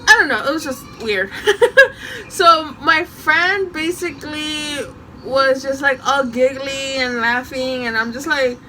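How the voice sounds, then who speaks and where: A young woman tells a story from her school days in a high, bright voice, animated and laughing as she goes. There is a faint hiss of noise under her voice. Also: unhurried, low-quality recording. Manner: animated, laughing and swearing while telling the story. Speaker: vlogger telling a story. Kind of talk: casual storytime.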